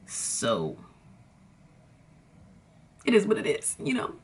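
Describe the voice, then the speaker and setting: Animated young woman telling a storytime. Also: low-pitched, takes it slowly, long pauses. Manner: animated, dramatic, slangy, addresses viewers as y'all. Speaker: vlogger. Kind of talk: casual storytime chat.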